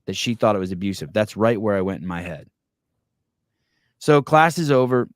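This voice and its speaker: A man hosting a podcast, telling a long story in a casual, animated way, swearing often and restarting his sentences. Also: lowish voice, normal speed, no echo, studio quality. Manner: animated, profane, rambling with many restarts. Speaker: podcast host.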